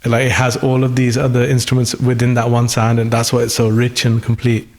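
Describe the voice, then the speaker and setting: A guest musician speaks in a conversational interview, his mid-range voice still recovering after an illness. The delivery is monotone and brisk, with a darkish tone. He sounds thoughtful, though he restarts hesitantly at times.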